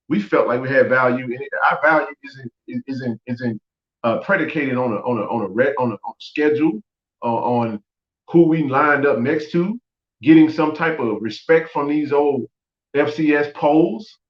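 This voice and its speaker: A man hosting a sports podcast, giving blunt, opinionated talk and repeating phrases for emphasis. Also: mid-range voice. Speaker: podcast host. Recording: echoey, dull lo-fi audio.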